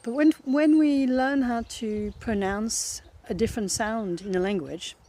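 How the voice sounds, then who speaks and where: A middle-aged French woman, a native French speaker and French teacher, with a French accent, giving thoughtful advice in a reflective vlog and often pausing to search for words. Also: a little high, mellow. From France.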